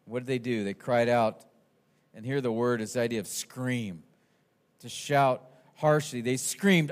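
A man preaching an expository sermon, animated and swinging from quiet asides to shouted quotes. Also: medium pitch, a little slow. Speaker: pastor.

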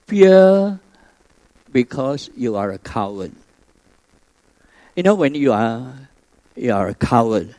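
A man preaching a sermon, telling stories with sudden swings between loud emphasis and soft asides. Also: medium pitch, dry recording, rough recording.

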